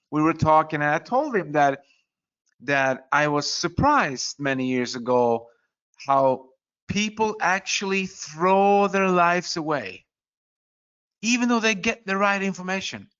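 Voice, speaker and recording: A man's voice: high-pitched, fairly bright tone, highs cut off. A man giving a casual motivational talk, earnest and emphatic, often slipping in "you know" asides. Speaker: motivational speaker.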